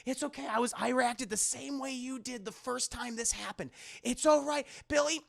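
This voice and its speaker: Man voicing an older medium, grandmotherly and soothing, high, gravelly, slow. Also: heavily acted. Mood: reassuring. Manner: coaxing, tender, stammering.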